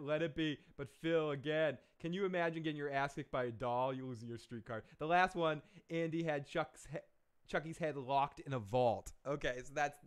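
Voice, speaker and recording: A man hosting a live-stream movie review, retelling a plot in a rambling, animated way, with frequent self-corrections, swearing, and laughs at his own jokes. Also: a little high, clean tone. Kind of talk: casual rambling film recap.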